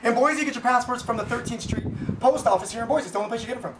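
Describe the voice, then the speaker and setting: A man rattles off complaints at a quick clip, blunt and profane, circling back on his own points. The sound is roomy and echoing, his voice a little distant from the microphone, with faint noise underneath. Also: extremely high pitch. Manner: blunt, profane, repetitive venting. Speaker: vlogger, business owner. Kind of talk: casual ranting monologue. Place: Boise, Idaho. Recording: echoey room, voice from off-mic.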